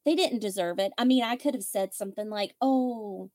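This time her voice is medium-pitched and a little mellow, at normal speed, with clean, dry studio sound. The widowed host keeps chatting casually, sharing frank, wry anecdotes and voicing the people she quotes.

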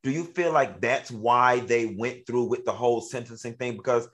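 A man's voice: medium pitch, moderate pace. A man co-hosting a casual news talk show, raising questions and thinking aloud. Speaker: co-host.

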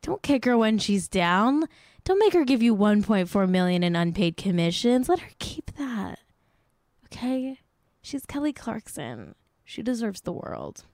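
A woman's voice: medium pitch, very animated, measured pace, a little mellow, dry recording, clean studio sound. A young woman hosting a casual celebrity gossip podcast, chatty and self-mocking, swearing now and then and saying "like" a lot. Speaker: podcast host.

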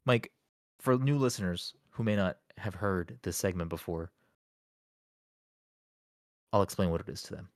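Deep guy running a podcast quiz, playful and teasing, dead dry mic. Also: normal speed, long pauses, no room sound. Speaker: podcast host. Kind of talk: casual podcast chat.

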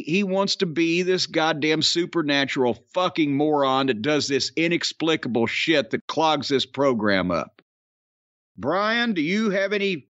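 A man's voice: a little high, a bit bright, dry recording, highs cut off. A man hosting a podcast, ranting bluntly and profanely about wrestling with an exasperated manner. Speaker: podcast host.

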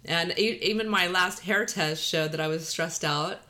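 A woman podcast host with a Texan drawl under a Valley Girl lilt. Her voice is bright, sitting a little low for a woman. She chats casually, pokes fun at herself and laughs often. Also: normal speed. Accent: Texan drawl mixed with Californian Valley Girl. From Texas. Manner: chatty and self-deprecating, laughs often.

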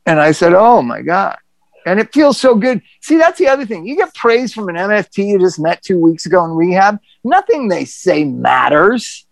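A middle-aged person telling a personal story on a podcast in a candid, profane, animated way. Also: mid-range voice, normal speed, vocal fry, few pauses, no echo. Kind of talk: casual storytelling chat.

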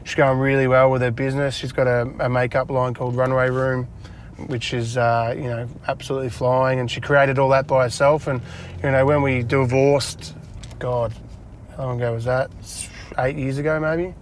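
Australian man, 40s, casual self-deprecating interview guest, mid pitch, faint car hum behind. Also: level tone, normal speed. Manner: chatty, self-deprecating, lots of fillers. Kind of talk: casual chat. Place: inside a parked car.

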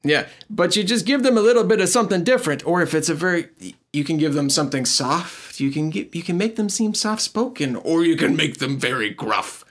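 A man chats about running tabletop games, easygoing and unhurried, often working out his point as he goes. His voice sits a bit high for a man. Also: lively intonation. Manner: easygoing, thinks aloud with restarts. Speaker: podcast co-host and game master. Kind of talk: casual chat.

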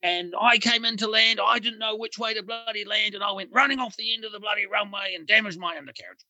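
An indignant Australian model pilot with an Australian accent who grumbles and curses, as a man acts him out in a story. His voice sits high and sounds bright and cutting. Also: quick pace, no echo, exaggerated voice. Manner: indignant, swearing.

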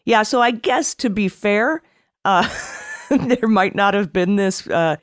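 A woman's voice: mid-range voice, slow pace, no room sound, clean studio sound. Chatty sarcastic woman podcast host. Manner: laughs often, chatty and sarcastic. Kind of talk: casual political podcast chat.

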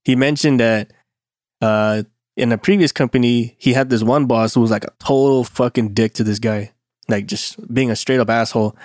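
A man's voice: mid-range voice, steady tone, normal speed, a little mellow, no room sound, clean studio sound. A man chatting casually on a podcast, laid-back and profane, laughing often at his own stories. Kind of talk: casual chat.

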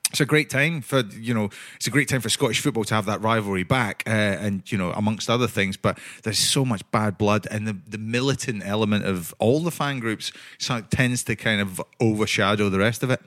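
A man talking football in a casual chat as a pundit, halting and restarting often but firm in his opinions. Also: on the low side, fairly bright tone.

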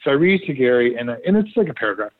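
Husky man telling animated stories. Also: mid-range voice, racing, dry recording, phone-quality sound. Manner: animated storyteller who acts out quotes. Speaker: TV producer, podcast guest. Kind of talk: casual anecdotal storytelling.

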